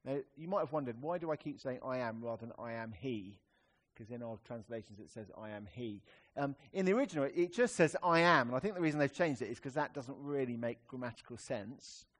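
A man preaching a sermon in a conversational, wry way, swinging between emphatic rises and quiet, serious drops. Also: mid-range voice, animated, a little fast, few pauses.

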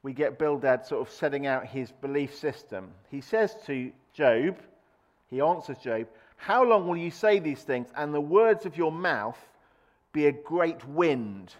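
A man's voice: a little high, expressive, measured pace, highs cut off. A man preaching a sermon in a conversational way, with fillers and restarts, raising his voice to act out quoted lines. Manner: acts out quoted speech with raised voice.

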